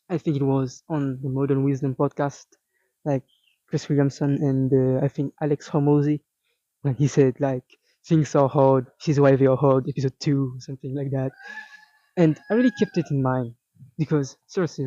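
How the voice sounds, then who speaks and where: A man's voice: medium pitch, fairly even intonation, moderate pace, warm tone, no room sound. A young man giving an intense, profane motivational monologue for his fitness vlog, rambling with lots of fillers. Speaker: fitness vlogger. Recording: dull lo-fi dry sound.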